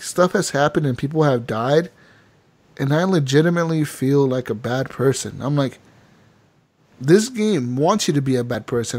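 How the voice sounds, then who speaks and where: A young man co-hosting a casual gaming podcast, telling stories animatedly and acting out the characters. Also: fairly high pitch. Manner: animated storyteller, acts out game characters. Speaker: podcast co-host.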